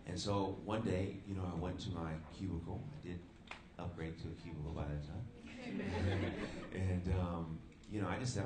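Young guy preaching live, deep voice, chats to the crowd, boomy room. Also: a little fast. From San Francisco Bay Area. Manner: personal storytelling, conversational asides to the crowd. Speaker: youth speaker. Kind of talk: sermon storytelling. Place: church hall, live event. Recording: roomy live room with background noise.

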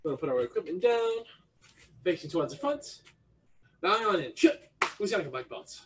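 A man teaches young children martial arts over a video call. His voice sits high and swings up and down with lively energy. He coaxes and praises the kids, hamming it up with silly animal noises. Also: fast talker, a little hiss or hum. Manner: playful, encouraging, makes silly animal noises. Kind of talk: energetic online kids' class.

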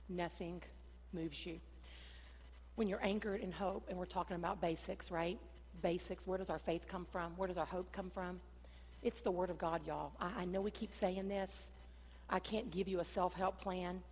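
A woman pastor, preaching a sermon in an animated storytelling way and often calling the congregation "y'all". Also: on the low side. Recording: long hall reverb.

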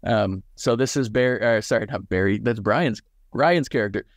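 A man talks through his ideas thoughtfully, with plenty of pauses and restarts. His voice sits on the low side. The sound is dry and close, as if on a video call. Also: dry recording. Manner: thoughtful, many fillers and restarts. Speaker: author and guest. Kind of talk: reflective conversation and reading.

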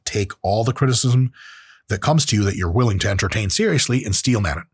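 Profane, animated man giving advice. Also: lowish voice, fast, husky, no echo, clean studio sound. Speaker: podcast host. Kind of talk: casual advice monologue.

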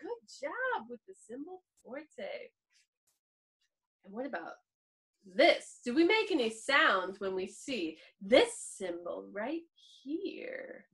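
A woman's voice: on the high side, very animated, slow, fairly bright tone, rough recording. A woman teaching a virtual piano class to preschoolers in a sing-song, playfully exaggerated way. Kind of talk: virtual music class for young children.

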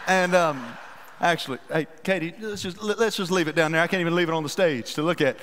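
A man preaching a sermon as pastor, telling stories in a folksy, animated, self-deprecating way. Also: a little high, quick pace, slight background noise. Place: church sanctuary. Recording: reverberant church hall.

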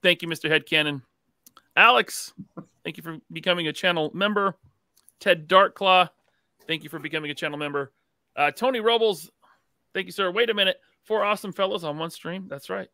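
A man's voice: high-pitched, fairly quick, bright, forceful tone, dry recording, studio quality. A man hosting a podcast, upbeat as he thanks viewers and reads their messages. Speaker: podcast host. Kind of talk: casual chat, reading viewer messages.

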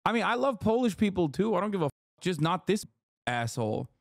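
A man in his thirties streams his reaction to a video, mocking it with profane sarcasm. His voice sits a little high for a man and sounds close and dry, with almost no room around it. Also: sing-song, a little fast, creaky, no echo. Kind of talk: casual live-stream commentary.

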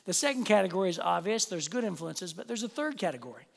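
A man preaching a sermon as a pastor, telling a personal story in an animated, self-deprecating way and speaking straight to the congregation. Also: high-pitched, fast, gravelly. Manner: animated, self-deprecating, addresses the audience directly. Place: church auditorium. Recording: long hall reverb.

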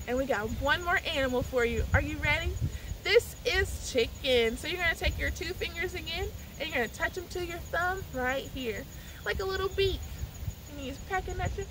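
A woman's voice: extremely high pitch, expressive, normal speed, background noise. A woman leading a children's sign language lesson outdoors at a farm, cheerful and sing-song like a teacher. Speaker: children's librarian.

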